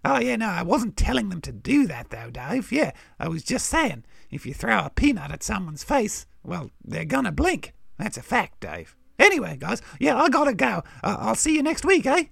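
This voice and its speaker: A man voicing a cheeky, know-it-all male Australian crow with a gravelly voice and brash, slangy talk. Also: sits high, big pitch swings, moderate pace, hardly any pauses, fairly bright tone, no echo, clean studio sound, exaggerated voice. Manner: brash, teasing, drawled "mate" and "g'day" slang. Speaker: regular fact-telling puppet character.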